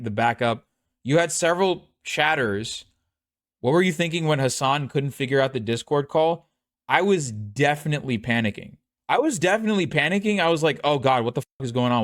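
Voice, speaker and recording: A man streaming and telling a story in casual commentary, animated, profane and rambling. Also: on the high side, no room sound, clean studio sound.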